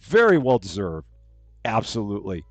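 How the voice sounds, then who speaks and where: A man casually chatting on a live game stream, reading chat aloud and greeting viewers while projecting a bit louder than normal from his room. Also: on the low side, huge pitch swings, moderate pace, dry recording, faint music behind. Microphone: headphones on, desk mic.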